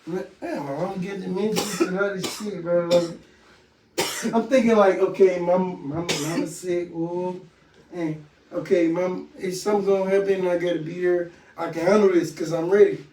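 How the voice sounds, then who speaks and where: A man's voice: high voice, steady tone, normal speed, background noise. A grieving man on a podcast, talking raw and profane, swinging between laughing and crying with his voice breaking. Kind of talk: emotional group conversation. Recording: echoey room, mic at a distance.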